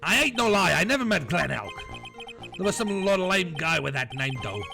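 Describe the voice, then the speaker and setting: A man voicing a brash, hot-tempered male mobster loan shark in a gruff, streetwise tough-guy manner. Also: a little high, very animated, moderate pace, fairly bright tone. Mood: defiant. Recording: background music.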